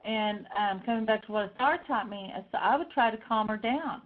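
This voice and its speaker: A middle-aged woman telling personal stories in a lively way, acting out the voices of the people she quotes. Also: medium pitch, fairly quick. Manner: animated, acts out voices in quotes. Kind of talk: personal storytelling talk. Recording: tinny phone-like sound.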